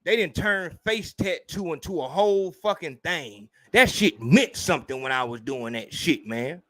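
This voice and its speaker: High-voiced man ranting on a podcast. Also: moderate pace, dry recording. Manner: profane, animated, mimics people in mocking voices. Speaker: podcast host. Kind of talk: casual rant.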